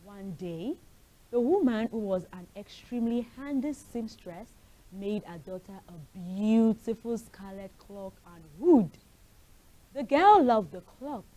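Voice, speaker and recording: A woman hosting a children's show, telling a fairy tale and talking to the kids directly in an animated way. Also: fairly high pitch, dry recording, poor audio. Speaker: storyteller host of a children's show. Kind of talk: storytelling for children.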